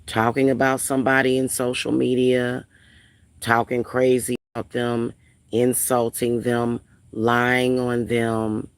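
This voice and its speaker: A woman's voice: rumbling low, little pitch movement, slow pace, smooth, dry recording. A woman vlogger ranting casually at home, blunt and profane, repeating phrases for emphasis. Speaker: spiritual reader and vlogger.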